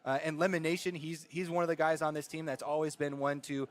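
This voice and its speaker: A man analysing a live esports match in a measured, thoughtful way with frequent hesitations. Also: on the high side, flat delivery.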